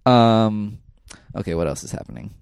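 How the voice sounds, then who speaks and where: A man's voice: lowish voice, expressive, moderate pace, gravelly, a little mellow, clear, resonant tone, dry recording, studio quality. A man co-hosting a podcast, chatting casually in a playful, jokey way. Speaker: podcast co-host. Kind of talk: casual chat.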